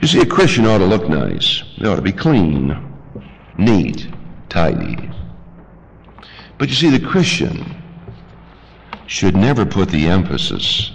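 A man preaching a sermon with emphatic delivery, climbing into high-pitched outbursts. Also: vocal fry, a little hiss or hum. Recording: long hall reverb.

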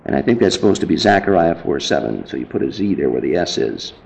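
A man's voice: big pitch swings, fast talker, creaky, a little mellow, low-quality recording. A man preaching a sermon, citing scripture references and building to emphatic, fervent passages. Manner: emphatic, rising to fervent high-pitched preaching; lists scripture references as he teaches.

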